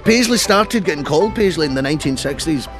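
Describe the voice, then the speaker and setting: A man's voice: a little high, expressive, quick pace, soft background music, voice pushed up, natural voice. A man doing a comic impression of a Scottish comedian, rambling through absurd jokes in a Scottish accent. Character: impression of a famous Scottish comedian touring Scotland.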